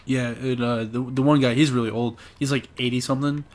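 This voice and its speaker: A man's voice: mid-range voice, steady tone, brisk, a little mellow. A young man in casual podcast talk, swearing freely and cracking crude jokes. He laughs often and keeps his stories loose and rambling. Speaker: podcast co-host.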